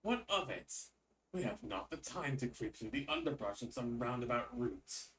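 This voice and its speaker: A man's voice: medium pitch, expressive, normal speed, fairly bright tone, far from the mic, a little hiss or hum, lightly acted. A man voicing a curt, impatient male knight. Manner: curt, dismissive.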